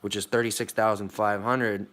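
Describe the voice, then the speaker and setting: A man's voice: on the low side, flat delivery, normal speed, fairly bright tone. A young American man telling a long story in a casual vlog, rambling and swearing, with many fillers and restarts. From United States. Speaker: vlogger.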